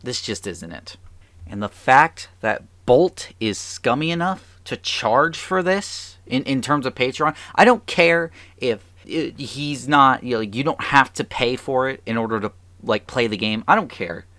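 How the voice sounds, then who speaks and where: A man's voice: mid-range voice, unhurried, sharp tone, no echo. A man giving an improvised game review into a mic, rambling and stuttering, asking exasperated rhetorical questions. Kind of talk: improvised video review commentary.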